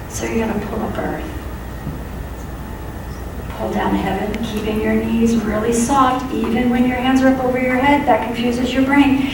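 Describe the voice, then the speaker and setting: A middle-aged woman gently leads a qigong class, her instructions calm with small jokes. She sounds distant in a very echoey room. Steady background noise runs underneath. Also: a little high. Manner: calm, gently guiding, playful asides. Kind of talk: guided exercise instruction. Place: large echoey meeting room. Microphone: lapel mic.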